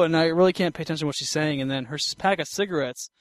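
High-voiced young man rambling a story. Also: rapid-fire, no room sound. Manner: rambling, laughing storyteller, crude. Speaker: podcast host. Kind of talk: casual chat.

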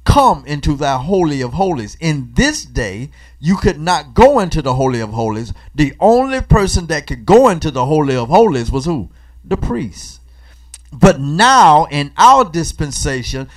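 A man preaching a call-and-response sermon, asking the congregation questions and pausing for their answers, swinging between loud emphatic bursts and quiet asides in a colloquial church cadence. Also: fairly high pitch.

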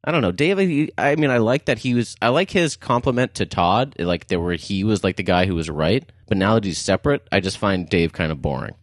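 A man's voice: on the low side, lively intonation, brisk, hardly any pauses, no echo, clean studio sound. A man co-hosting a podcast in casual chat, easygoing and joking. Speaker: podcast co-host.

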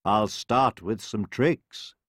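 A man's voice: on the low side, slow pace, no room sound, clean studio sound. A man voicing a moustached magician who announces himself formally. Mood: grand. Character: grand moustached male stage magician.

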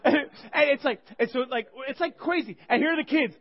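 A man in his thirties preaching to a church group, telling funny stories in an animated, rambling way. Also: very high voice, fairly quick. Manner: animated, joking, rambling with restarts. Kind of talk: humorous sermon storytelling. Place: church service. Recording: dull lo-fi recording.

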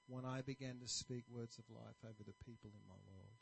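A man preaching a sermon, telling stories and admitting his own faults in an animated manner. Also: mid-range voice, quick pace, creaky, hardly any pauses, slightly rough, no room sound, low-quality recording. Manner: animated, storytelling, self-deprecating. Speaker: pastor.

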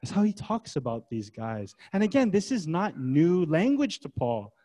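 A man's voice: fairly high pitch, sing-song, moderate pace, mellow. A man preaching a sermon as pastor, in a casual, conversational way full of rhetorical questions. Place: church gathering.

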